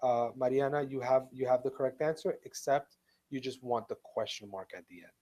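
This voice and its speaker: During a live online ESL lesson, a man with a medium-pitched, dark voice teaches English slowly and patiently. He repeats every step and reads example sentences aloud, stressing the words clearly.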